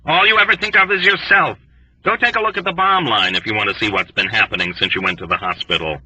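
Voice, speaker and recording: A man's voice: deep voice, steady tone, rapid-fire, pushed and bright, breathy edge, no room sound, voice pushed down, heavily acted, rough recording. A man reading an audiobook, voicing a self-pitying male military doctor who whines and complains mournfully. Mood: whining.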